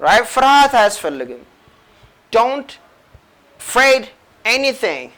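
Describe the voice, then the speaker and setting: A woman's voice: on the high side, big pitch swings, moderate pace, fairly bright tone. A woman with an Ethiopian accent teaching an English lesson. She drills set phrases over and over, switches between English and Amharic, and urges her learners to answer and repeat. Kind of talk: classroom language lesson.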